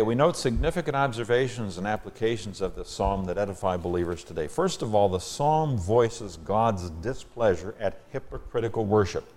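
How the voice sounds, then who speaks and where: A man's voice: fairly low pitch, a little mellow. A man teaching a psalm verse by verse, reading the scripture with strong emphasis on key words and adding plain asides as he goes. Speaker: Bible teacher.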